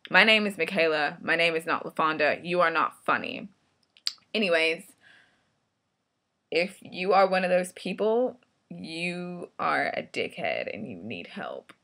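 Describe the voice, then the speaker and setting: Low-voiced, forceful woman ranting frankly. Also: very animated, a little slow. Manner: blunt, profane, frustrated storytelling. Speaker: vlogger. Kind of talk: casual storytelling rant.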